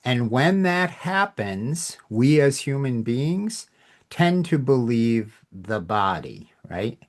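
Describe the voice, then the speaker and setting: A man's voice: mid-range voice, very animated, slow. A man hosting a communication podcast, giving an informal lesson in a reflective, emphatic way. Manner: reflective, emphatic, acts out tones in examples. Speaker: podcast host teaching communication.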